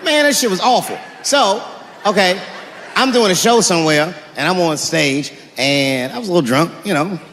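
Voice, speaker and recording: A man doing stand-up comedy, telling stories in an animated way and slipping into character voices. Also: high voice, normal speed, a little hiss or hum. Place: live stage before an audience. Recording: live hall recording with crowd ambience.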